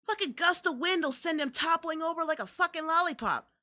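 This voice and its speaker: A woman's voice: very high voice, a little fast, bright, forceful tone. A young adult woman hosting a podcast, ranting in exasperated, profane commentary. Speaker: podcast host.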